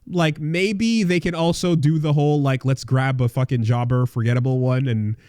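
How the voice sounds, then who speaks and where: Podcast co-host, man, mid-pitched, rambling and profane, dry close mic. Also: fairly even intonation, normal speed, a little mellow, clean tone, no echo. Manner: rambling, profane, many fillers and restarts. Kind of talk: casual podcast chat.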